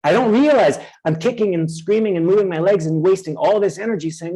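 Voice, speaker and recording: Animated man teaching a webinar. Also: brisk, husky, low-quality recording. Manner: animated, acts out inner voices with sudden high cries; checks in often with the audience. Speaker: webinar presenter.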